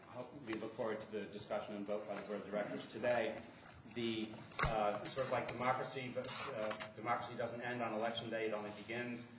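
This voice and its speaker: A man speaking as a board member at a public meeting, halting often with fillers and restarts. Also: on the low side. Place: large meeting room. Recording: echoey room, distant mic, background noise.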